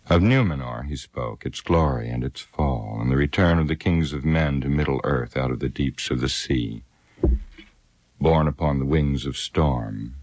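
Very deep-voiced male audiobook narrator. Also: darkish tone, no room sound. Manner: measured, solemn storytelling. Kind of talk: scripted narration.

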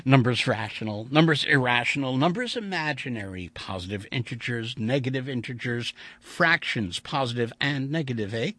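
A man's voice: medium pitch, lively intonation, moderate pace, few pauses, fairly bright tone, no echo. A man voicing an austere, cynical blind older male mathematician who speaks in a wry, theatrical way.

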